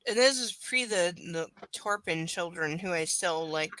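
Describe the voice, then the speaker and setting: A woman's voice: lowish voice, animated, a little slow, a bit bright, no room sound. Sarcastic, swearing woman reading aloud. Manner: sarcastic, profane asides. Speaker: live book reader. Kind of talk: casual live reading with commentary.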